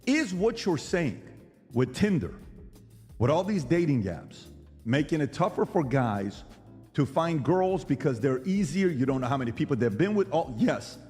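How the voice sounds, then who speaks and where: A man's voice: on the high side, big pitch swings, normal speed, a little mellow, in a large hall, faint music behind. A middle-aged man hosting a podcast who argues emphatically, firing rhetorical questions and mimicking other people's lines. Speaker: podcast host. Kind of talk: animated debate monologue.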